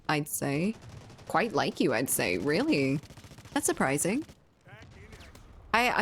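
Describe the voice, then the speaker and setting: A woman's voice: sits low, slight background noise. A woman from Louisiana streaming, casually chatting with her viewers, laughing often and swearing now and then. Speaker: livestreamer reading chat. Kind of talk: casual chat.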